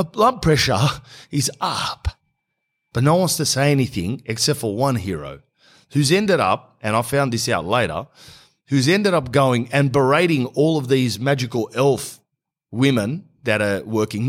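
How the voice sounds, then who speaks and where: A man's voice: mid-range voice, big pitch swings, moderate pace. A man, telling rambling, sarcastic comic stories in a blunt way. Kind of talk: comic storytelling monologue.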